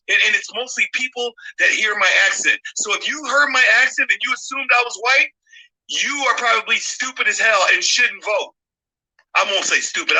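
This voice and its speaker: A man's voice: sits high, pushed and bright, rough recording. A man arguing politics on a live stream, blunt and emphatic, pressing his points with a challenging "okay?". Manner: blunt and profane. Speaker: guest speaker on a live stream. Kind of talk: heated political argument.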